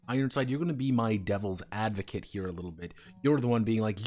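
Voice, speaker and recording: A man's voice: medium pitch, quick pace, faint music behind. A man chatting casually on a stream, rambling with stumbling restarts and profane banter.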